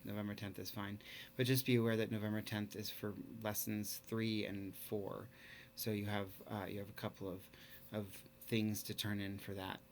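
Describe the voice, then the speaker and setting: A man with a somewhat low voice talks through a recorded online lesson, relaxed and casual. He pauses often and fills gaps as he thinks aloud, and there is a faint hiss behind him. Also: vocal fry. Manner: halting, with many fillers. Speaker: teacher.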